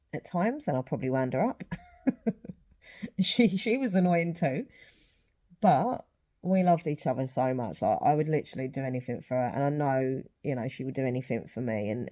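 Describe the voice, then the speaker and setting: Woman vlogger, low mellow voice, emotional and close to tears, rambling and apologetic. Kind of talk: casual chat to camera.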